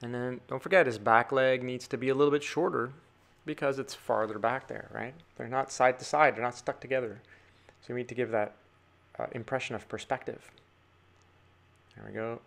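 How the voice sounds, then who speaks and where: A man's voice: mid-range voice, steady tone, moderate pace, gravelly, long pauses, a bit bright. A man giving a chatty drawing tutorial, talking to viewers as he sketches. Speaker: drawing teacher.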